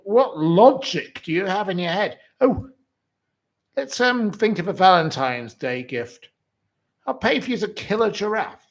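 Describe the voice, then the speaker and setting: A man in his forties vents on his channel, indignant and repetitive as he stacks up insults. His voice sits fairly high for a man. He takes his time over each outraged sentence. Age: 40s. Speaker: channel host. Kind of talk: ranting livestream commentary.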